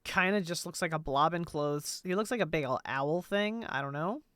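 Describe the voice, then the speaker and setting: A man's voice: on the high side, moderate pace, sharp tone, smooth, no room sound, clean studio sound. A man streaming a game, chatting casually in a laid-back way, joking and swearing. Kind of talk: casual live-stream commentary.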